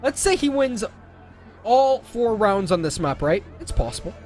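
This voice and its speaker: High-voiced excitable esports caster, man. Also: faint music behind. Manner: excitable, jokey, quick self-corrections. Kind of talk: play-by-play commentary.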